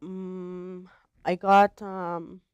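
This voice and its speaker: A woman, giving a personal testimony in a halting, soft-spoken way with many pauses. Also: on the low side, little pitch movement, clear, resonant tone, no room sound, lo-fi sound. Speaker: interviewee telling her life story.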